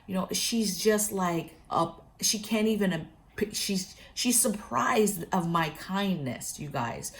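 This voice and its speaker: A woman's voice: mid-range voice, lively intonation, slow pace. A woman telling a story and giving advice to camera in a casual, chatty prepping vlog, often speaking straight to her viewers. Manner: chatty, keeps addressing viewers directly. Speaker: prepping vlogger.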